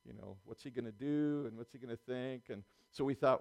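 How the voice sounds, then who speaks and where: A man's voice: medium pitch, a little fast, vocal fry, a little mellow. Middle-aged man preaching in a chatty way. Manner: conversational, with frequent restarts and chuckles. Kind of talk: sermon.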